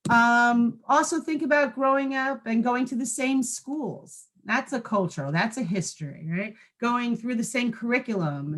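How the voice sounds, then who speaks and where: A woman's voice: fairly high pitch, fairly bright tone. A woman trainer giving a training presentation to school staff in a conversational way, often checking in with her listeners through short tag questions.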